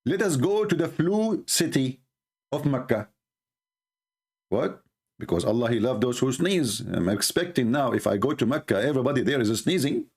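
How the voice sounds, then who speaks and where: A man's voice: mid-range voice, expressive, moderate pace, darkish tone, husky. A man giving a sarcastic, mocking monologue as a religious debater, full of scornful rhetorical questions.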